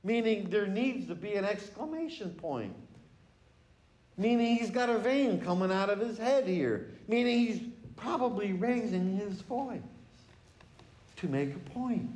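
High-voiced, unhurried male preacher. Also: lively intonation, darkish tone. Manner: emphatic, teaching with pauses and stresses. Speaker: pastor. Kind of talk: sermon.

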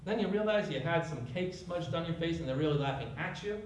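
A man preaches with emphatic force, piling up rhetorical questions. His somewhat high voice comes from a distance, ringing through a very echoey room with a faint hum behind it. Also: animated, fairly quick. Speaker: pastor. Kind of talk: sermon.

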